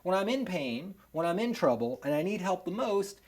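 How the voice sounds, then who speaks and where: A man telling a personal story on stage, animated and self-mocking, with lots of chatty asides. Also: high-pitched, normal speed. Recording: live audience laughter audible.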